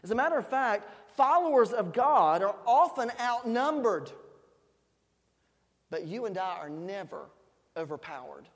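A preacher giving a sermon with playful, joking storytelling, swinging between loud shouts and quiet asides. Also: mid-range voice, expressive, a little slow, in a large hall.

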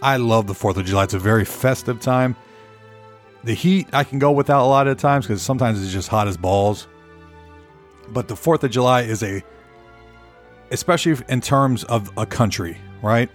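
A man's voice: medium pitch, normal speed, soft background music. A man hosting his own podcast, rambling casually and cursing, often repeating himself as he goes. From United States. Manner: rambling, profane, repeats words. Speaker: podcast host.

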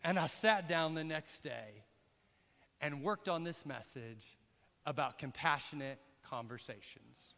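A middle-aged man preaching a sermon in a church, telling a personal story with lively, direct asides to the congregation. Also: fairly high pitch, a little slow, creaky. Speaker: pastor. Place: church hall. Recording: long reverb in a large hall.

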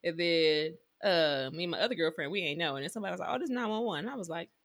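A woman's voice: fairly low pitch, very fast, fairly bright tone. A woman co-hosting a podcast in casual chat, telling stories with playful impressions and lots of laughter. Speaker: podcast co-host.

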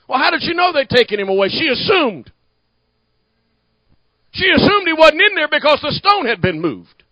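A man preaching a sermon to a congregation, talking back and forth with them and building to shouted emphasis. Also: extremely high pitch, sing-song, normal speed, dry recording, lo-fi sound. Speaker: pastor.

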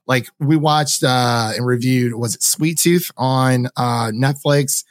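With a mid-range voice and a slow pace, this male podcast host rambles through a casual, enthusiastic chat, leaning heavily on "like" and tossing in quoted asides. The recording is clean studio sound with no room echo.

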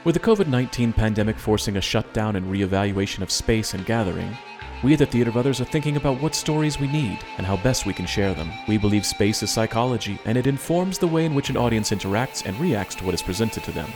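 Theater podcast host, male, low voice, stuffy, rambling delivery, faint music under the intro. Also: lively intonation, quick pace. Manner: rambling, hesitant, full of restarts. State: stuffy-sounding. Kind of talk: scripted intro, then casual chat.

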